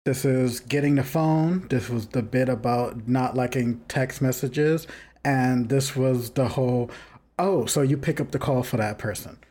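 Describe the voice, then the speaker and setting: Husky, giggly co-host reacting. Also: medium pitch, a little slow. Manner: reactive, laughs often, sharp exclamations. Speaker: podcast co-host. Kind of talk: casual chat.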